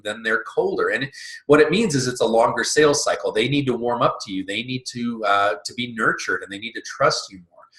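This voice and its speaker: A man's voice: mid-range voice, bright, forceful tone. A man teaching an online business lesson in a casual, chatty way, full of fillers and restarts. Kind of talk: recorded lesson. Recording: roomy echo.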